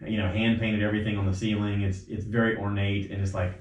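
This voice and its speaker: A man's voice: on the low side, fast. A man hosting a casual podcast, rambling through stories and acting out quotes with sudden jumps in his voice. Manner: rambling storyteller, quotes others with animated voice jumps. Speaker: podcast host. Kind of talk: casual chat. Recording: roomy, slightly dull home recording.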